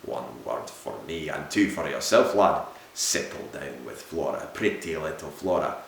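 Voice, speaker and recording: Brief: man voicing a haunted Victorian sea captain, unstable, lurching from wild shouts to low murmurs, heavy room echo. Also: lively intonation, measured pace, vocal fry, a little hiss or hum, full character voice. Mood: sardonic. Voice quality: swings from shouting to hushed murmurs. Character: feverish haunted male ship captain, unstable. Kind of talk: audiobook reading of a Victorian ghost story. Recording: very echoey room.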